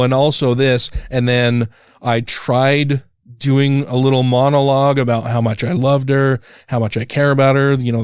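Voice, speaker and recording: A man in his thirties with a smooth, resonant voice, chatting as a podcast co-host. He rambles through stories full of fillers and jokes at his own expense. His pitch leaps whenever he acts out his own worry, and the sound is dry and close. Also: dry recording. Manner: rambling, self-deprecating storytelling with lots of fillers; jumps high when acting out his own panic. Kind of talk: casual chat.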